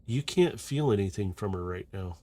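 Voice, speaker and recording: A man narrating a tabletop game as game master, slow and descriptive with frequent restarts. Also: fairly low pitch, expressive, mellow, no echo.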